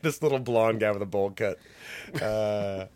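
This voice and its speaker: A man's voice: fairly low pitch, measured pace, a little mellow, clear, resonant tone. A man co-hosting a podcast, chatting casually and rambling with many fillers. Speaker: podcast co-host. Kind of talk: casual chat.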